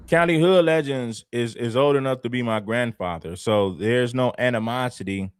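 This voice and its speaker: A man's voice: medium pitch, a little slow, pauses often, clear, resonant tone, dry recording, clean studio sound. Emphatic man hosting a commentary livestream. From Los Angeles. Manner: assertive, emphatic, repeats phrases. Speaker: livestream host.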